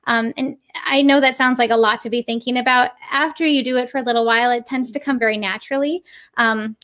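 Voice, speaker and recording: A woman, a puppeteer and teacher, explaining her craft in a casual interview and demonstrating with quick voices. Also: on the high side, steady tone, fairly bright tone.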